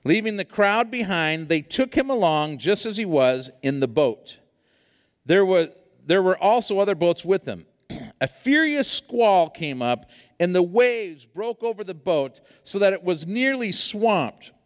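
Male pastor, sermon, animated storyteller, high voice, long hall reverb. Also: unhurried. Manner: animated storytelling with many fillers.

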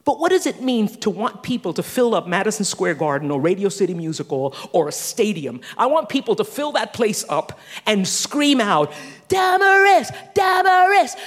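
A middle-aged woman giving a sermon testimony in a church, animated, humorous and self-deprecating. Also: lowish voice, brisk, big-room sound. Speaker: church speaker.

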